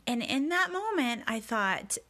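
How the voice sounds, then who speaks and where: A woman's voice: on the high side, very animated, measured pace, pushed and bright. A woman telling a personal story in a candid, confessional, reflective way as a podcast host.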